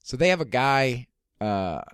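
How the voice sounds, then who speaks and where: A male comedian telling a story in casual chat, animated, swearing freely and acting out the voices of people he quotes. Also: mid-range voice, unhurried, clear, resonant tone, no echo, studio quality.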